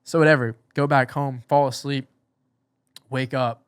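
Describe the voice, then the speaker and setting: A man in his twenties, a podcast guest, telling a story in an animated, rambling way full of slang. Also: medium pitch, measured pace, clear, resonant tone, dry recording. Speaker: podcast guest, motocross racer. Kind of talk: casual storytelling.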